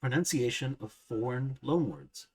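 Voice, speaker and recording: Measured husky male grammar narrator. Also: medium pitch, big pitch swings, darkish tone, rough recording. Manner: measured, precise, enunciates example words slowly. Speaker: language teacher. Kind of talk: scripted grammar lesson narration.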